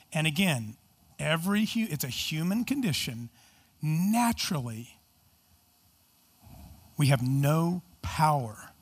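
A man with a high-pitched voice delivers a sermon as a pastor. He preaches earnestly and emphatically, leaning on rhetorical questions. He also shifts into explaining the text in a teaching tone. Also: gravelly, husky.

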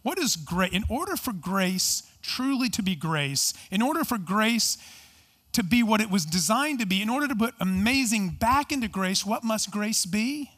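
A man with a high-pitched voice delivers a sermon as a pastor. He preaches earnestly and emphatically, leaning on rhetorical questions. He also shifts into explaining the text in a teaching tone. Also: expressive, normal speed, a bit bright.

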